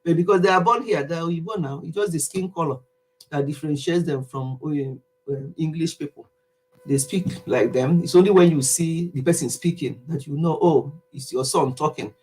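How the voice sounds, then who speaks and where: A woman's voice: low voice, normal speed, darkish tone, husky. A Nigerian woman in her fifties, chatting animatedly to camera in a casual vlog monologue and laughing easily. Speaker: vlogger.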